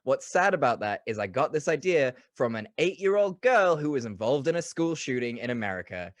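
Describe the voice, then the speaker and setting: A man's voice: medium pitch, big pitch swings, brisk, no echo. A man co-hosting a podcast in casual chat, joking and rambling with frequent laughs. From South Africa. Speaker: podcast co-host.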